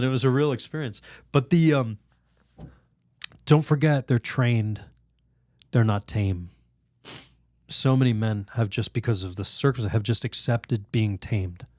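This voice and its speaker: Appearing as a guest on a podcast interview, a priest tells a lively story, laughing often and acting out other people's voices, sometimes restarting haltingly. His male voice sits fairly low. The studio recording is clean, with no room sound.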